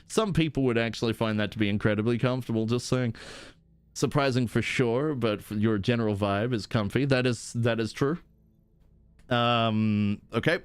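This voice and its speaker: A man streaming from home, chatting excitedly with viewers in a rambling way, often jumping up into high-pitched bursts. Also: normal speed, clear, resonant tone, no room sound. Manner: rambling with restarts. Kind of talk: live-stream chat while gaming.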